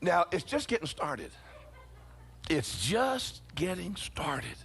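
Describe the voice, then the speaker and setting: A pastor telling a funny story during a church sermon, animated and often chuckling as he talks. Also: high-pitched, slow pace, creaky.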